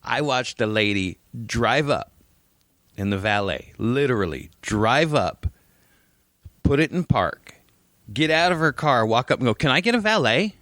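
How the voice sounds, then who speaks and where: A man's voice: medium pitch, unhurried, pauses often, dry recording. A man co-hosting a podcast, telling stories casually, swearing often and acting out what others said. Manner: animated storytelling, swearing, mimics others. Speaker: podcast co-host. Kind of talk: casual chat.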